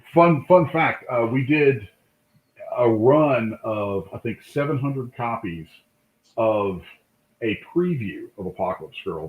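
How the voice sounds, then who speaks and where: A man, a comic book artist, telling lively anecdotes in a casual interview, acting out the voices of people in his stories. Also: mid-range voice. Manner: animated anecdote-telling, acts out quoted voices. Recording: tinny call line in an echoey room.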